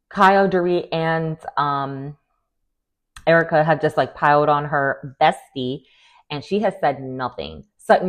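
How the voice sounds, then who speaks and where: A woman giving a casual, sassy recap of a reality show, blunt and opinionated, with fillers and laughter. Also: low voice.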